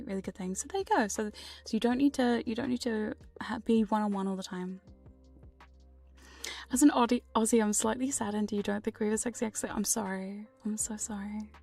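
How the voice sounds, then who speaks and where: Breathy whispering woman, whispered role-play. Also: mid-range voice. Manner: soft whispering, rambling and playful; frequent laughs and swearing. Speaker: ASMR streamer. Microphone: binaural ASMR microphone.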